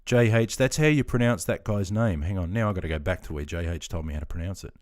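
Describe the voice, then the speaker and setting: Aussie bloke in his 50s, bit low voice, chatting on a live stream, reading chat and laughing a lot. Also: darkish tone. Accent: Australian. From Australia. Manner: chatty, reads out viewer comments, quick to laugh. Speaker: live streamer, army veteran.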